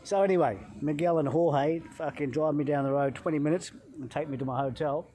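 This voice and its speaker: Speaking into his phone beside a hotel pool outdoors, a middle-aged Englishman who vlogs as a health coach recounts a travel story. He's animated and swears as he goes, with a voice on the high side and a fairly quick pace.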